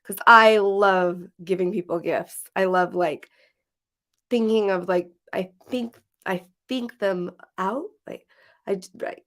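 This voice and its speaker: A woman's voice: mid-range voice, takes it slowly, fairly bright tone. A woman from Washington State co-hosting a podcast livestream, chatting casually with frequent laughs and rambling restarts. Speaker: podcast co-host.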